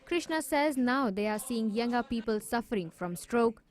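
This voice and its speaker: A woman news reporter reading a scripted voice-over in a clear, even way. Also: fairly high pitch, normal speed.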